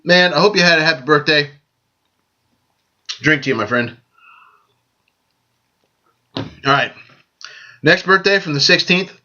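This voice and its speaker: Friendly man with a bright voice. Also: fairly high pitch, measured pace, long pauses. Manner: friendly, joking, stumbles and repeats phrases. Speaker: vlog host giving birthday shout-outs. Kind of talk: casual direct-to-camera shout-outs. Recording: dull lo-fi sound.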